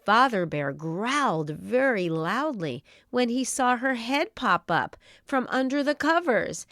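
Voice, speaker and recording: A woman reads a children's story aloud with slow, deliberate pacing and a lively melody that rises and falls. Her voice is bright and clear. The recording is dry and close-miked. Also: a little high, no echo. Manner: expressive, animated storytelling.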